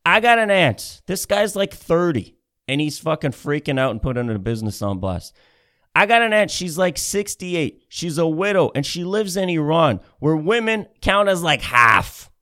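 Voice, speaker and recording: A man's voice: fairly high pitch, sing-song, normal speed, a bit bright. A man doing a comedic rant, sarcastic and swearing heavily, repeating himself as he builds up steam. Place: Ontario, Canada.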